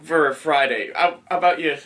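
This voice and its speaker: A man's voice: a little high, normal speed, fairly bright tone. A man hosting a podcast in casual chat, laughing often and steering the talk. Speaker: podcast host.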